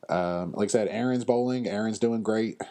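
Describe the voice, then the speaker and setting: Solo podcast host, male, lowish voice, casual chat, animated, blunt and slangy. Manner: frequent fillers and pauses.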